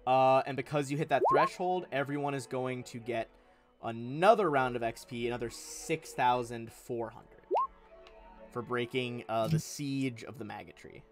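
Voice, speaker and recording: Brief: a gravelly male game master, casual and rambling, with mid-range pitch. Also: moderate pace, music in the background. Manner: casual and rambling, with many fillers. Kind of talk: narrating a tabletop game on a live stream.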